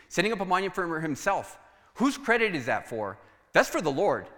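High-voiced pastor guy, bouncy storytelling sermon, big echoey church hall. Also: brisk. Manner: animated storytelling, acts out dialogue. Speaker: guest pastor. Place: church sanctuary.

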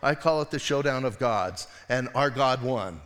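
A man's voice: mid-range voice, expressive, normal speed, fairly bright tone. A male pastor preaching a sermon in a casual, conversational way, acting out voices as he retells stories. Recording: long hall reverb.

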